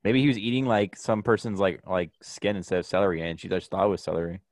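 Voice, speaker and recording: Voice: sits low, steady tone, quick pace, darkish tone. A podcast co-host in casual chat about a TV show, laid-back and teasing.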